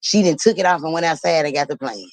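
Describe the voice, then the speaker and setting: A woman hosting a livestream, telling a story in an animated, blunt and profane way and laughing as she talks. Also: sits low, quick pace, dry recording, low-quality recording. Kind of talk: casual storytelling.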